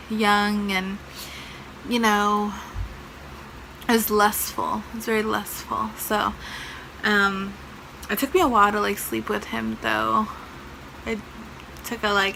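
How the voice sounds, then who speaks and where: A woman's voice: medium pitch, gravelly, a little hiss or hum, rough recording. A young woman vlogger telling a personal story in a casual, chatty way, full of fillers. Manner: chatty, lots of fillers, animated retelling.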